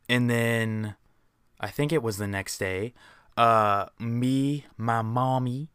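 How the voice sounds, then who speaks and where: A man's voice: mid-range voice, clean tone, no room sound, clean studio sound. A young man casually telling a rambling, profanity-filled story.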